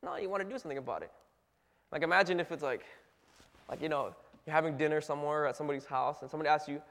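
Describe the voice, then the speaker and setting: A man's voice: a little high, very animated, fast talker, long pauses, a bit bright, in a large hall. A man giving a casual, conversational sermon full of rhetorical questions and little acted-out exchanges. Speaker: preacher.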